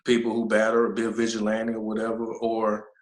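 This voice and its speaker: Low, flat-voiced man telling his story. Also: echoey room, rough recording. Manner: halting, with many pauses and fillers. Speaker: nonprofit founder, interview guest. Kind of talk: telling a personal story in an interview.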